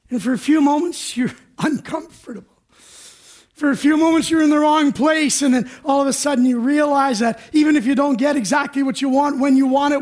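A man's voice: very high voice, a little mellow. A man preaching a sermon as pastor, telling a self-deprecating story in a chatty way and acting out his own panic. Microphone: recorded for radio.

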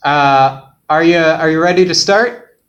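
A man hosting a podcast quiz game, joking and laid-back in casual chat, sometimes trailing off quietly. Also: a little high, unhurried, dull audio.

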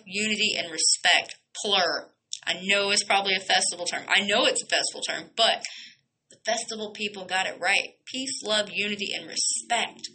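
A woman's voice: mid-range voice, bright, forceful tone, low-quality recording. A young woman hosting a radio show, ranting bluntly and heatedly, swearing and firing off rhetorical questions. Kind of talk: heated solo radio rant.

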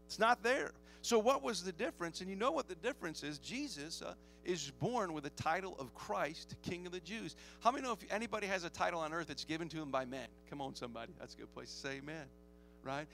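High-voiced joking male preacher. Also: fast, vocal fry, faint music behind. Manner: joking, lively, asks the congregation for amens. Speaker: pastor. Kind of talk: sermon.

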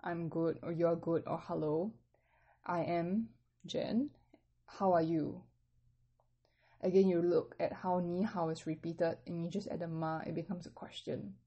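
Mellow, low-voiced woman teaching a language. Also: steady tone, measured pace, highs cut off. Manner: patient, explains step by step with casual fillers. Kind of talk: casual online language lesson.

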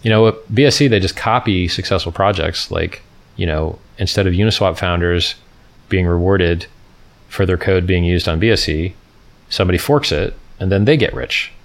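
A deep-voiced man speaking at a normal speed hosts a casual livestream. He rambles and mocks, reading things off his screen and chatting with viewers.

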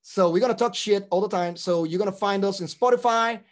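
Profane, animated male podcast co-host. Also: high-pitched, brisk. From Puerto Rico. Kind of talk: casual chat.

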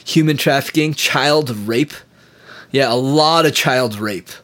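A man's voice: medium pitch, slow, a bit bright. A man ranting in a casual solo monologue, profane, sarcastic and heated, just getting over a sore throat.

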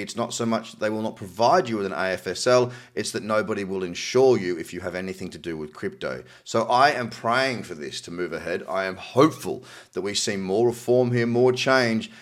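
A man's voice: fairly low pitch, fairly bright tone. An Australian man hosting a crypto news show, reading articles aloud with cynical, chatty asides. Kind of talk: casual news commentary.

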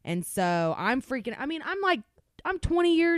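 A young woman on a podcast telling a story in an animated way, swearing constantly. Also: high-pitched, normal speed, no room sound, studio quality. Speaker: podcast co-host. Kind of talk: casual storytelling.

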